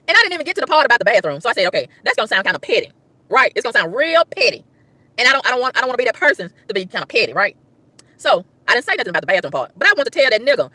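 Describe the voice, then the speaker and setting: A woman ranting to her livestream chat, emphatic and exasperated, with loud whoops. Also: fairly high pitch, big pitch swings, rapid-fire, no echo. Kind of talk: casual livestream rant.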